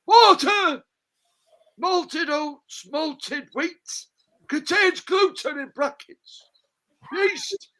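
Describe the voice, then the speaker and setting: A man's voice: extremely high pitch, pushed and bright, rough recording. A man doing a playful, hammy dramatic reading of a beer label, laughing a lot.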